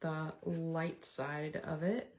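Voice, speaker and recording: A woman's voice: low voice, little pitch movement, extremely slow, darkish tone. A middle-aged woman hosting a casual card-making tutorial, chatting and explaining step by step as she works with her hands.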